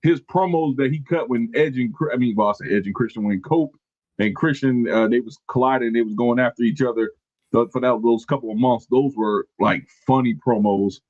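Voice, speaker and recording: A man's voice: medium pitch, brisk, a little mellow, no room sound, highs cut off. A man co-hosting a wrestling podcast in casual, slangy chat, laid-back and sometimes searching for names. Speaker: podcast co-host.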